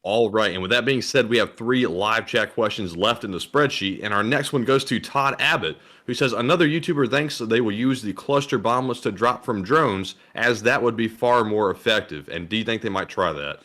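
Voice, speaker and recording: A man co-hosting a live stream, reading viewer questions aloud in a steady, announcing way and chatting casually. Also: on the low side, moderate pace, few pauses. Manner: reads super chats aloud in a steady, announcing way.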